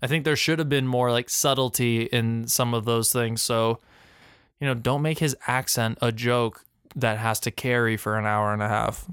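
A young man with a smooth, resonant voice, co-hosting a casual film podcast. He is animated and mocking, and the sound is dry and close. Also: medium pitch, normal speed, dry recording. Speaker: podcast co-host. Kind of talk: casual movie review chat.

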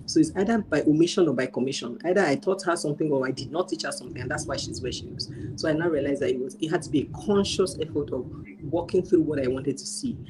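Fast-talking, animated woman telling stories. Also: low voice, slight background noise, rough recording. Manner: animated storyteller who acts out dialogue and laughs often. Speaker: guest sharing a parenting program experience. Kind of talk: casual testimonial chat.

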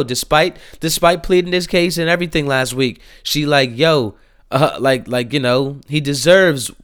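Guy ranting casual on his show, slang, big pitch swings. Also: clear, resonant tone. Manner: animated, slangy, repetitive exclamations. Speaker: commentary host. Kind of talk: casual opinion commentary.

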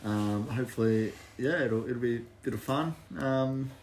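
A man, co-hosting a podcast in relaxed casual chat with many hesitations. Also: medium pitch, normal speed, slight background noise. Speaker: podcast co-host.

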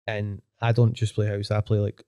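Male DJ guest, young, mellow, dry close sound, rambles fast and swears freely. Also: on the low side, monotone, clean tone, no room sound. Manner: fast rambling talk, swearing, full of fillers. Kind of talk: casual chat.

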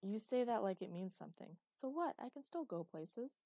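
A woman reading an audiobook, voicing a stubborn, sardonic young woman in a wheelchair, in a mellow, dry voice. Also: medium pitch, expressive, moderate pace, no room sound, pitched above the performer's own voice. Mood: defiant. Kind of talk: audiobook character voice.

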